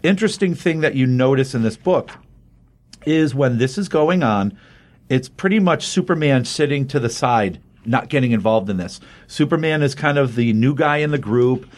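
A man's voice: mid-range voice, animated, moderate pace, a little mellow. A man casually recapping a comic book on a podcast, chatty and rambling, often restarting his sentences. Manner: chatty, rambling, with frequent restarts and quoted dialogue.

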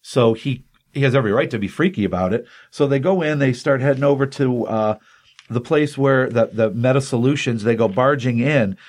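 Guy on a comics podcast recapping an issue, lots of ums and restarts, average pitch. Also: moderate pace, darkish tone. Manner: rambling, many ums and restarts, acts out dialogue. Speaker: comic book podcast co-host. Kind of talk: casual chat, retelling a comic issue.

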